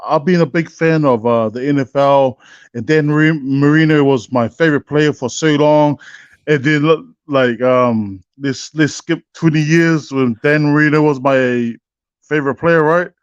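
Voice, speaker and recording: A man from New Zealand with a New Zealand accent, calling into a casual chat and talking in a relaxed, hesitant way. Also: a little high, unhurried, clear, resonant tone, no echo, muffled recording. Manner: laid-back, hesitant with fillers. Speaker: caller.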